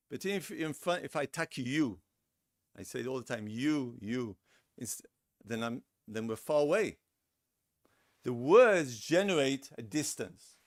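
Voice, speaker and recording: A man's voice: medium pitch, no room sound, clean studio sound. A middle-aged man lecturing a seminar in a conversational way, acting out example lines and repeating his words. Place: lecture room.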